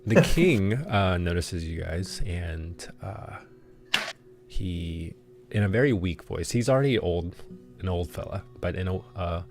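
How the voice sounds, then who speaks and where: A man narrating a tabletop game as game master, in a halting way with many pauses and restarts. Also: low-pitched, expressive, darkish tone, soft background music.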